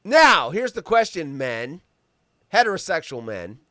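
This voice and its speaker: A man hosting a live show, mocking news stories with loud outbursts and a teasing manner. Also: fairly high pitch, measured pace, dry recording, clean studio sound. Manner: mocking, animated, bursts into loud outcries. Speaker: host.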